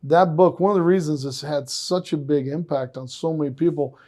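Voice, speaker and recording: A man's voice: on the high side, a little fast. A man hosting a podcast, enthusiastic and effusive as he tells stories. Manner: enthusiastic, effusive, animated storyteller. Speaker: podcast host. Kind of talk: casual podcast conversation.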